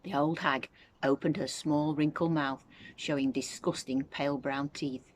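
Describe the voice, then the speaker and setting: A woman teacher reading a children's book aloud with expressive storytelling. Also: low-pitched, measured pace, slight background noise. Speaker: infant school teacher.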